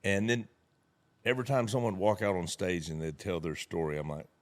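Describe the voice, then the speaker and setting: A middle-aged man with a drawl and a somewhat low voice holds the floor in a relaxed conversation. He tells folksy anecdotes and slips into the voices of the people in them. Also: a little fast. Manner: folksy, animated storyteller acting out quotes. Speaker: network marketing leader, guest speaker. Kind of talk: casual storytelling conversation.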